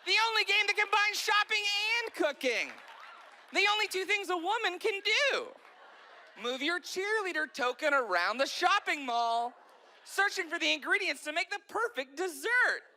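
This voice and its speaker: A man voicing a chirpy announcer in a commercial for a girls' game, in a sales-pitch delivery. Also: big pitch swings, moderate pace, pushed and bright, a faint crowd, full character voice. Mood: perky. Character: perky announcer of a girls' toy ad.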